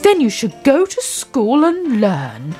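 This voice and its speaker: A woman's voice: a little high, wildly swooping pitch, takes it slowly, mellow, soft background music, exaggerated voice. A woman voicing a stern but kindly male farmer in a storybook reading, in a lecturing manner.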